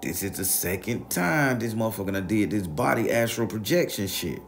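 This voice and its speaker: A man with a low, gravelly voice recounting a story in a loose, slangy way. He swears freely and keeps the telling animated. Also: moderate pace, slight background noise. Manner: profane, animated, slangy retelling. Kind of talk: casual spoken storytelling.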